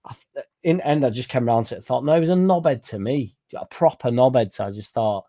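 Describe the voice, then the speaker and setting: A man's voice: mid-range voice, lively intonation, quick pace, mellow. A young man telling a rambling, sweary story to his livestream viewers in a blunt, casual way. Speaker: football fan streamer.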